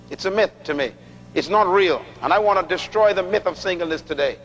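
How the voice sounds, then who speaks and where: A middle-aged male preacher giving an emphatic, teasing sermon, repeating key lines slowly for effect, in a large church hall. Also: high-pitched, a bit bright. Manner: humorous, teasing the audience. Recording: dull lo-fi recording with long hall reverb.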